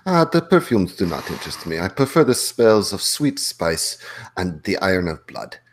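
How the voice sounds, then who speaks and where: A man's voice: sits low, big pitch swings, moderate pace, slight background noise. A man voicing a jovial, swaggering female cat-folk duelist who speaks in a formal, slightly stilted way. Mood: courtly, amused.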